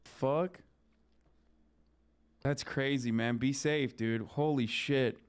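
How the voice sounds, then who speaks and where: A man's voice: medium pitch, fairly even intonation, slow pace, clean tone. A young man on a live stream, talking bluntly and swearing as he reads and answers chat.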